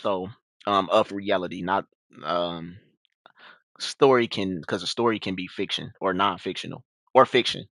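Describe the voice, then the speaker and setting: A man's voice: unhurried, dry recording. A young man telling a story in a casual, slangy way, acting out the quoted lines in a raised voice. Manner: animated, slangy, acts out quotes in a high voice.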